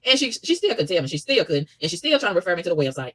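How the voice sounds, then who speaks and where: A woman rattles off a rapid, exasperated rant. Her pitch leaps and dips with lively swings, and she barely pauses between complaints. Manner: fast, exasperated ranting with animated pitch swings. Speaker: vlogger. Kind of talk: ranting monologue.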